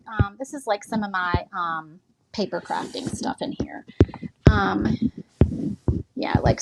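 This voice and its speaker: A woman giving a rambling, chatty live tour of her home craft room, slightly out of breath as she walks around, with lots of ums and likes. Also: mid-range voice. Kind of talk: casual live-stream chat. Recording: loud background noise with clicks.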